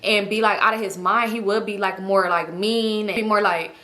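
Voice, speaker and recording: A young woman telling a storytime vlog in animated, slangy, profane casual talk. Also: mid-range voice, normal speed. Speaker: YouTube storyteller.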